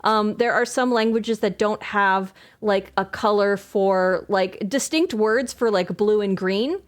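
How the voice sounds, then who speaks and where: A woman's voice: medium pitch, a little slow. A woman streaming a game live, chatting casually in a rambling, enthusiastic way, full of filler words and self-corrections, laughing often.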